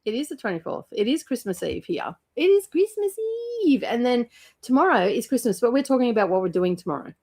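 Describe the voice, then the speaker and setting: A middle-aged woman with an Australian accent chats casually on a livestream, rambling along with plenty of fillers and restarts. She has a cold and now and then clears her throat. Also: on the high side, big pitch swings, fairly quick, darkish tone. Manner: rambling, chatty, with frequent fillers. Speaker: book channel host.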